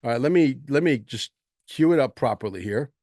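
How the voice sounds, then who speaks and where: An older man talks loosely and at length to his viewers, circling back and hammering words by repeating them. His voice sits in an ordinary middle pitch. The sound is dry, with no room around it. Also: lively intonation, brisk, darkish tone, no room sound. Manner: rambling, emphatic, repeats words for stress. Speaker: host and precious metals dealer. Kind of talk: casual livestream talk.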